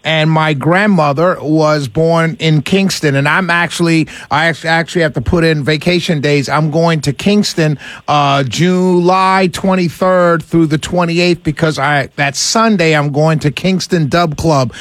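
A man's voice: on the high side, steady tone, a little slow, fairly bright tone, no echo. A man hosting a call-in radio talk show, chatty and friendly with callers. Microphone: studio microphone.

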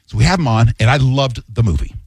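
A man's voice: mid-range voice, fast, husky, no room sound. A middle-aged man, a radio host, telling stories in casual banter and acting out the voices in them. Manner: animated storyteller, acts out voices.

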